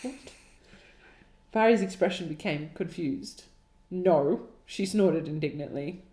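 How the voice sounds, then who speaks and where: A woman's voice: lowish voice, slow, dark tone. A woman co-hosting a podcast, reading her old writing aloud with exasperated, laughing, sarcastic asides. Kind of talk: dramatic reading with mocking commentary. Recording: roomy echo.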